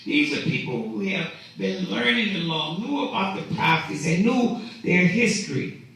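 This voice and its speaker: A man's voice: sits high, pushed and bright, heavy reverb, distant mic, rough recording. A man preaching a sermon in a conversational way, often repeating and restarting his words, recorded in a church. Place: church sanctuary.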